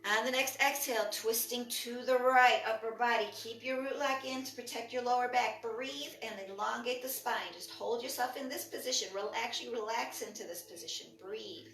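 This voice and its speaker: A woman instructor leading a breathwork and movement class with calm, short spoken cues paced to the breath. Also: fairly high pitch, fairly quick, hardly any pauses. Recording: echoey room from far off.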